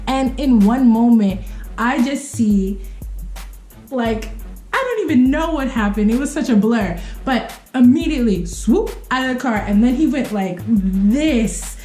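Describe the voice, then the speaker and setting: A young woman tells a story to her camera in a lively, expressive way, acting out what people said with sudden leaps in pitch. Her voice sits a little high. The room is echoey, with faint music underneath. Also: measured pace. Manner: expressive, acts out quotes with sudden pitch jumps. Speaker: vlogger telling a story. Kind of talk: animated story time.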